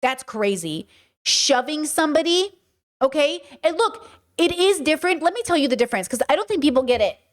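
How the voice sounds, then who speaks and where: Brief: woman host, fairly high voice, animated and profane, chatty commentary with storytelling asides. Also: brisk. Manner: animated, profane, conversational, reads chat aloud.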